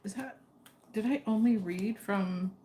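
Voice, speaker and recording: Woman reading tarot cards casual, middle pitch, chatty, keeps talking to her dog, faint hiss behind. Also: measured pace. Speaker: tarot reader.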